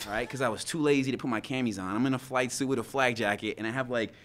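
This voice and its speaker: A man spins a war story in loose, profane talk, jumping into animated quotes of what he and others said. His voice sits at an everyday middle pitch, and he talks like he's chatting with a friend. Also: very fast. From United States. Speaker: podcast guest. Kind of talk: casual storytelling.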